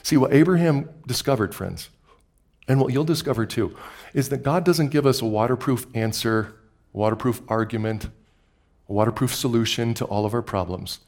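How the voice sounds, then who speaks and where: A man preaches from the pulpit in a voice of middle pitch. He moves between quiet, slowed-down reading and loud, excited passages, often repeating words for emphasis. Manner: dramatic swings from hushed to loud and excited. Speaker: pastor. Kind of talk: sermon.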